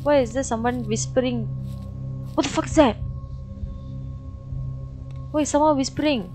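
A young woman with a Malaysian English accent, commentating a horror game, jumpy and swearing constantly with loud startled reactions. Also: high-pitched, moderate pace, over music. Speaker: gaming streamer.

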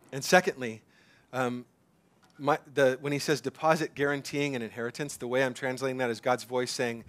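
A middle-aged man preaching a conversational sermon, animated, with many fillers and restarts, sometimes dropping to a soft hush. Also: mid-range voice, moderate pace. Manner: drops to a soft hush for emphasis. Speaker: pastor.

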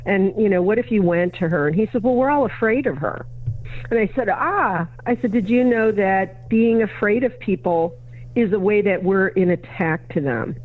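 The speaker, a woman educator and consultant, is a guest on a podcast recorded remotely, so the audio is narrow and phone-like. Her mid-range voice goes at a normal speed as she tells a story conversationally, playing out both sides of a dialogue in each person's voice.

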